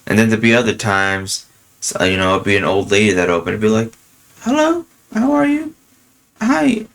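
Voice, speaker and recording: Low-voiced guy chatting on a podcast, lots of laughs and ums. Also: steady tone, fast talker, fairly bright tone, smooth. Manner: laughs often, storytelling; drops fillers like um and you know. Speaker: podcast host. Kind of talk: casual chat.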